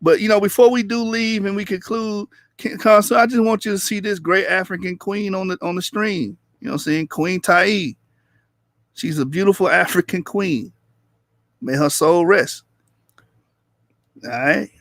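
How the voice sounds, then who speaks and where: Stream host, male, slightly high-pitched, loose and teasing, dry close sound. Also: moderate pace, fairly bright tone, no room sound. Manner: loose, chatty, teasing, laughs often; addresses viewers in the chat directly. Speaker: livestream debate host. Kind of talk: casual livestream commentary.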